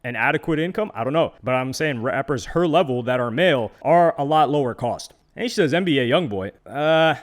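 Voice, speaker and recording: A man's voice: medium pitch, expressive, a little fast, hardly any pauses. A man hosting a commentary channel, talking casually and skeptically about interview clips, with slang asides.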